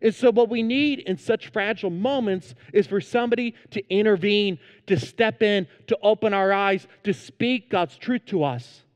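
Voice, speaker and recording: A man's voice: high-pitched, moderate pace, few pauses, smooth, big-room sound. A man preaching a sermon as pastor, earnest and emphatic, in a church sanctuary.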